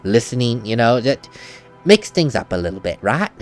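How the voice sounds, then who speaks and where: Reading lines aloud between chatter and giggles, a young man plays a video game for a let's play. He talks at a moderate pace in a sing-song, mid-range voice while faint music plays behind him.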